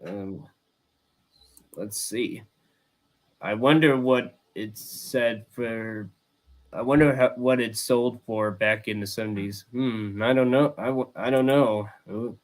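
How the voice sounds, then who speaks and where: Young adult man, casual host, halting delivery with lots of restarts. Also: medium pitch. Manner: halting, many restarts and repeated words. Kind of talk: casual roundtable chat.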